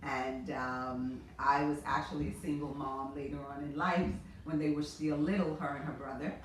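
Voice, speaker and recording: A middle-aged woman speaks as a guest in a casual chat, earnest and reflective. Her voice is deep for a woman. The mic sits far from her in a room with heavy echo and a faint hiss of noise. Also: fairly even intonation, normal speed.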